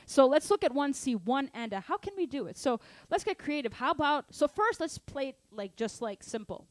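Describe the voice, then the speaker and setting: A woman teaching a drum lesson, energetic, counting beats aloud and asking her students to stay engaged. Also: high voice, brisk, few pauses. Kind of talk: live online drum lesson. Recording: drum kit playing behind. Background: drum kit.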